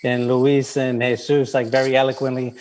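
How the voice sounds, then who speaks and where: A man's voice: mid-range voice, little pitch movement, normal speed, a little mellow, poor audio. Give me a frank, joking, swearing man. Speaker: writer guest. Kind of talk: casual panel discussion.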